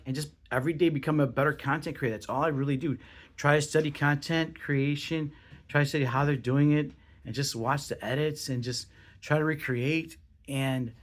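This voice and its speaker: A young man hosting his own podcast, talking casually in an excitable, rambling way with lots of swearing and restarts. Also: a little high. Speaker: podcast host. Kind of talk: casual solo podcast monologue.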